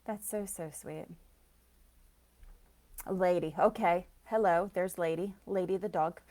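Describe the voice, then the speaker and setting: A lowish-voiced woman leading a live card reading, talking straight to her viewers. She is chatty and effusive, gushing over small things and breaking into laughter, and she greets people by name as she goes. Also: slow, dark tone. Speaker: spiritual reader and soul coach.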